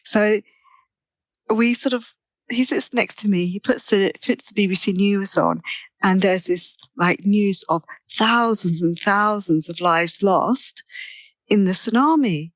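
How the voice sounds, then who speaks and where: Middle-aged woman guest, mid-pitched, dry close sound, chatty storyteller who repeats herself. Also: unhurried, no room sound. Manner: animated storyteller, frequent repetitions. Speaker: guest therapist. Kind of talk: personal storytelling in interview.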